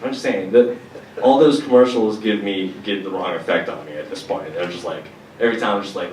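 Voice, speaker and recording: A young man doing a stand-up comedy set, deadpan and slangy, with casual profanity. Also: low voice, fairly quick, background noise. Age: young adult. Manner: deadpan, slangy and profane, mocks others in put-on voices. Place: college venue with audience laughter. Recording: echoey room, distant mic, loud ambience.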